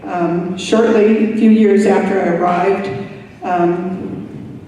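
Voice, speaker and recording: An older woman giving a grateful, emotional retirement speech, pausing often. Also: mid-range voice, fairly even intonation, warm tone. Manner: emotional, grateful, slow and halting with many pauses. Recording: echoey hall from far off.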